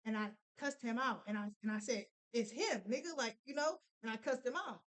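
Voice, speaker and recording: A young woman telling a painful personal story, halting with many fillers and restarts. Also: on the high side, fairly bright tone, rough recording. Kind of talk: casual storytelling.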